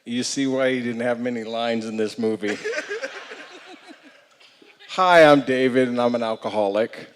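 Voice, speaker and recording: A man's voice: mid-range voice, unhurried, pauses often, long reverb tail, a little hiss or hum. Wry, joking man on a panel stage. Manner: wry, self-deprecating jokester. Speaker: actor on a festival panel. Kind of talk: joking panel remarks and story. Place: theater stage.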